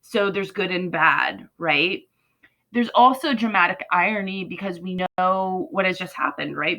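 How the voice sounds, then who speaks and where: A woman teacher talking casually through a play for her students, often checking in with "right?" and retelling scenes in lively paraphrase. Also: mid-range voice, low-quality recording. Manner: conversational, asks "right?" often, paraphrases lines in lively quotes.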